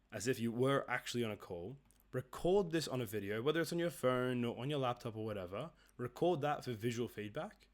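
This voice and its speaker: A man, giving a conversational coaching lesson on sales calls and often checking in with "right?" and "okay?". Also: mid-range voice. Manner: explains casually, often tags "right?" and "okay?".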